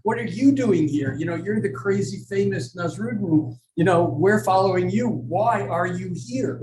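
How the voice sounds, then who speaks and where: A man's voice: high-pitched, lively intonation, normal speed, darkish tone, reverberant, far from the mic, pitched above the performer's own voice, low-quality recording. A man voicing a group of male horse riders in a folk tale, surprised and questioning. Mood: puzzled.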